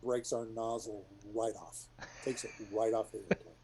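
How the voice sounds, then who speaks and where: A middle-aged man, a retired military pilot, telling rambling war stories to a group in a casual, animated way. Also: on the low side, moderate pace, a little hiss or hum, poor audio. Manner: rambling, animated, many restarts and asides.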